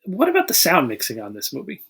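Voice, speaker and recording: A man's voice: on the high side, wildly swooping pitch, fast, creaky, fairly bright tone, husky. A man co-hosting a casual movie-review podcast, rambling and restarting as he retells the plot with dry humor. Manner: rambling, searching for words, wry. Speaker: podcast co-host.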